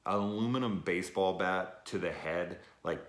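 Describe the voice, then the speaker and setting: A man's voice: low voice, normal speed. A man giving a casual, rambling movie review, cursing often and trailing off into fillers. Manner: rambling, profane, animated, full of fillers. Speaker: film reviewer. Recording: echoey room.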